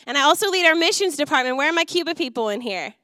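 A woman pastor preaching in a church, telling her story with lively energy and acted-out quotes. Her voice is high and bright, smooth and clear. The sound is dry and close. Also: fast talker, no room sound. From Wisconsin. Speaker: youth and missions pastor. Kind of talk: sermon. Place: church auditorium.

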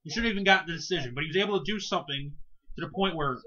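Man, high bright voice, profane animated ranting, casual podcast chat, dull lo-fi sound. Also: rapid-fire. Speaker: co-host.

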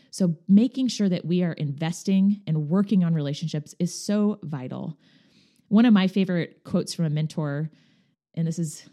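A woman chatting in a relaxed, conversational way, her voice sitting a little low and sounding mellow and warm. She tells stories with animation, slipping into the voices of the people she quotes. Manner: animated, acts out quoted dialogue. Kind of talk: casual conversational storytelling.

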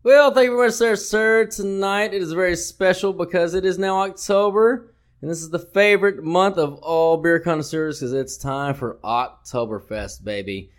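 A man's voice: sits high, moderate pace. A man co-hosting a comedic sports betting podcast, brash and profane, telling mock-grand stories. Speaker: podcast co-host.

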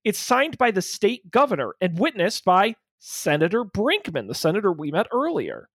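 A man narrating a detective role-playing game as game master, in animated noir style with playful asides. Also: sits high, moderate pace, breathy edge, no room sound, studio quality.

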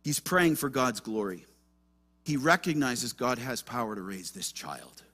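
A man preaching a sermon as pastor, moving between hushed asides and fervent, raised passages. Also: mid-range voice, lively intonation, measured pace. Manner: impassioned preaching, swings between hushed and loud.

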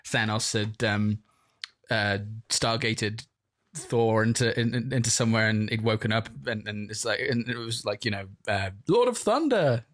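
A man's voice: fairly low pitch, little pitch movement, normal speed, fairly bright tone. A young man co-hosting a casual film review chat, hesitant with many fillers but enthusiastic. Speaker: podcast co-host.

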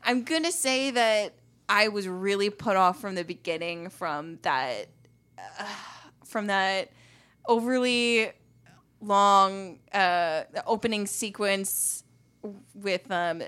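A woman's voice: medium pitch, a bit bright. A young adult woman talking as a guest on a casual podcast, rambling through thoughts with lots of fillers and little laughs. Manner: rambling, filler-heavy, giggly. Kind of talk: casual chat.

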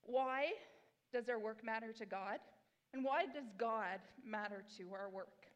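In a church sanctuary, a woman in her forties preaches a sermon as pastor, chatty and self-deprecating with bursts of enthusiasm. Her voice is a little high and a little slow, the audio dull, with a long hall reverb.

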